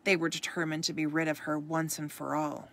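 Gravelly, low-voiced woman reading a story. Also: a little fast, slight background noise. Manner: expressive read-aloud, occasional stumbles. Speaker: storybook reader. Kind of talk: reading a ghost story aloud.

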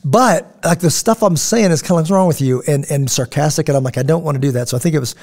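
A man's voice: fairly high pitch, animated, fast, a little mellow. A middle-aged man hosting a podcast, telling stories in a casual, digressive way and acting out the people he quotes. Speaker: podcast host. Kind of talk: casual storytelling chat.

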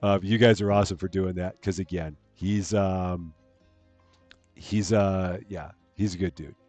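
Rambling low-voiced man streaming a game. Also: fairly even intonation, a little slow, a little mellow, dry recording, soft background music. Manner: rambling, repeats words, many fillers. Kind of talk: casual live-stream chat while playing.

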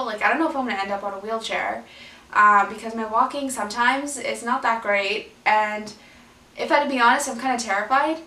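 A woman's voice: fairly high pitch, bright, forceful tone, distant mic. A young woman, a vlogger, talking candidly and rambling to her viewers, her face partly numb. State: left side of face numb, drooling. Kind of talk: personal vlog. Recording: echoey room, voice from off the mic.

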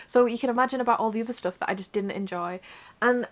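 A woman's voice: fairly high pitch, fast. A young woman talking candidly to her camera at home, frank and rambling, swearing often, close to tears. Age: young adult. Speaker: vlogger. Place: indoors at her mother's home.

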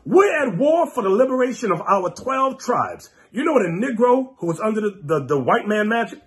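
Fiery man preaching, high lively voice. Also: moderate pace. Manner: fiery, mocking, scolding, with sudden shouts. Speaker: preacher and teacher. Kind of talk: sermon.

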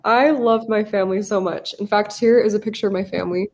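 A woman's voice: medium pitch, fairly even intonation, fast talker, a little hiss or hum. A young woman in her twenties from the United States, an English teacher leading a live online class, upbeat and encouraging with casual fillers, heard over a video call.

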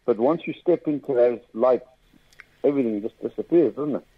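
A South African man, a comedian guest, chatting in a lively storytelling way in a radio studio. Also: mid-range voice, slightly rough, no echo. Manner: lively storyteller with quick bursts of mimicry. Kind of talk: casual interview chat. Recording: dull radio studio sound.

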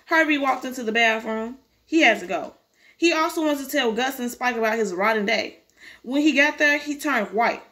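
A woman's voice: sits high, moderate pace. A woman reading a children's book aloud, breaking off for casual, profane comments on the story. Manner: animated, profane side commentary.

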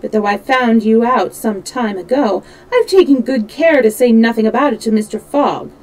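A woman voicing an excitable, tipsy male French manservant who speaks indignantly and with emphasis. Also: fairly high pitch, normal speed, lightly acted, low-quality recording. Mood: emphatic. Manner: indignant, exclaiming.

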